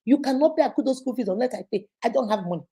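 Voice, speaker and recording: A Nigerian woman doing a gruff, stingy husband. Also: fairly high pitch, expressive, quick pace, warm tone, heavily acted. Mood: irritated. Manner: scolding, dismissive. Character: middle-aged husband, gruff and stingy with his wife.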